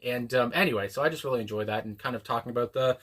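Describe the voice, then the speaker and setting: A man's voice: medium pitch, racing, a bit bright, slightly rough. A man hosting a music reaction video, talking in a casual, meandering way with frequent ums and restarts. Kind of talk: casual rambling commentary.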